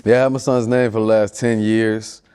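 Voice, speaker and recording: A man's voice: lowish voice, level tone, fairly quick, darkish tone, smooth. A man from Chicago, a musician talking as a guest in a casual interview, laid-back and slangy. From Chicago, United States. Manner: laid-back, slangy, often saying "you know what I'm saying".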